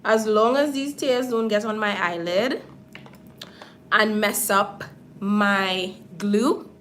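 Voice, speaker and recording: A woman's voice: mid-range voice, takes it slowly, fairly bright tone, slight background noise. A makeup artist chatting casually with her viewers on a livestream while she applies false lashes. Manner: chatty, talks straight to viewers.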